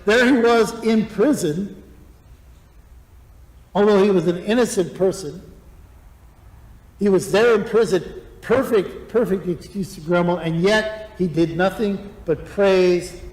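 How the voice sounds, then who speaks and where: A high-pitched male pastor preaching with lively, animated delivery. His voice rings out in a roomy hall with a long echo behind it. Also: measured pace, pauses often. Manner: animated, acts out grumbling voices. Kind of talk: sermon.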